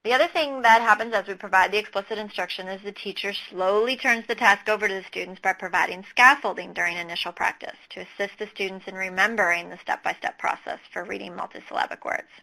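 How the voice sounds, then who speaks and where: Gravelly, bright-toned woman presenting a webinar. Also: mid-range voice, fast talker, few pauses, poor audio. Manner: walks through teaching steps methodically, with fillers. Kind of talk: explanatory webinar talk over slides.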